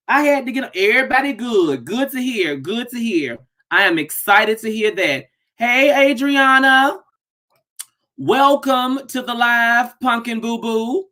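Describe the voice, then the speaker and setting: A woman hosting a casual live stream from her home office, greeting viewers by name and bursting into excited shouts. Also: a little high. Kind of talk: casual chat.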